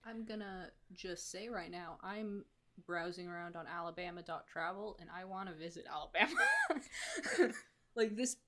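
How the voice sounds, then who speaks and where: A woman co-hosting a casual podcast, chatty and quick to laugh, thinking aloud as she browses. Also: on the low side, a bit bright. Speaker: podcast co-host.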